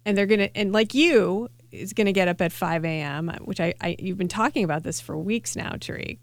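A woman's voice: medium pitch, a little fast. A woman co-hosting a casual radio food chat, wry and chatty, often restarting her sentences. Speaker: co-host, food writer.

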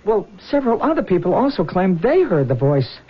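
Cast: a stammering young intern, husky voice, dull old radio sound. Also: male voice, high-pitched, big pitch swings, brisk, exaggerated voice. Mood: hesitant. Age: young adult. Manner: hesitant, stammering. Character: nervous young male hospital intern. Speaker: hospital intern. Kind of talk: 1970s radio drama acting.

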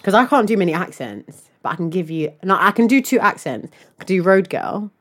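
A woman's voice: on the low side, expressive, brisk. A woman co-hosting a casual chat podcast, laid-back and teasing. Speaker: podcast co-host.

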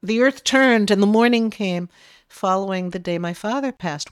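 A woman's voice: medium pitch, normal speed, clean tone, no room sound, studio quality. Soothing woman guiding a meditation. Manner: gentle, soothing guidance. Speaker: spiritual medium. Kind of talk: guided meditation talk.

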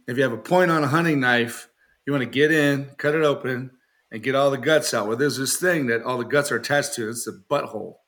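Casting: man, bright and forceful tone, mid-range pitch, casual podcast guest who tells joking stories and laughs often. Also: brisk. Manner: acts out quoted people in raised voice. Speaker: knifemaker guest.

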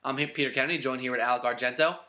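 Bright-voiced New podcast co-host. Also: male voice, medium pitch, steady tone, rapid-fire. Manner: chatty, laughs often, teasing. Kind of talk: casual sports podcast chat. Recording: roomy echo.

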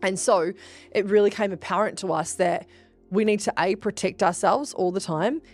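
Animated, swearing woman podcast host. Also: mid-range voice, normal speed, soft background music. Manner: speaks straight to listeners with instructions. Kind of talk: casual spiritual storytelling.

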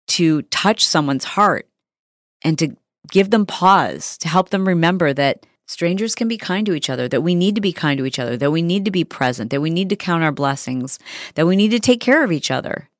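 Low-voiced lady podcast host rambling chatty story, dry close sound. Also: moderate pace, no echo. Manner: chatty, animated storytelling with lots of fillers. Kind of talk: casual podcast monologue.

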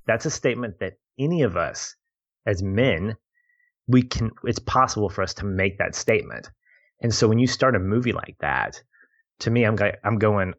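Man, low, thoughtful talker, muffled lo-fi audio. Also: lively intonation, normal speed. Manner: reflective, laughs easily. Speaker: podcast co-host discussing a film. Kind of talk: casual chat. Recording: dull lo-fi audio.

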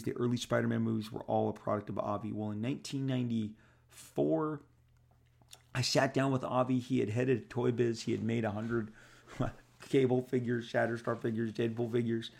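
Gravelly-voiced comic creator telling stories. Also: male voice, mid-range voice, normal speed. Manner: animated, repeats words for emphasis. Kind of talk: casual storytelling to fans.

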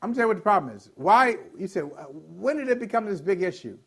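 A man's voice: high-pitched, sing-song, fast talker, gravelly, a bit bright, husky. A man co-hosting a sports talk show, explaining his point in long argumentative runs. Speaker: co-host.

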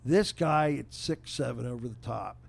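A man's voice: mid-range voice, normal speed, vocal fry. A man hosting a casual baseball talk, telling stories with emphasis. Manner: storytelling, emphatic. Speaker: host. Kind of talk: casual sports chat.

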